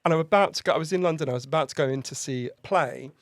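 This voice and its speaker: A man in full storytelling flow, racing through his words at a fast clip. His voice sits a little high for a man, and the recording is close and dry. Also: dry recording. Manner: fast, excitable storytelling with laughs. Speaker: podcast guest, author. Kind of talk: animated anecdote telling.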